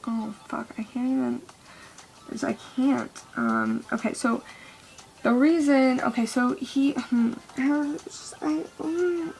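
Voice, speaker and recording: A young woman vents in a loose, rambling way, swearing freely and restarting her sentences. Her voice sits somewhat high but has a gravelly, creaky edge. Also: sing-song, takes it slowly, darkish tone. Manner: rambling and profane, with many restarts. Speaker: vlogger. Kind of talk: casual venting monologue.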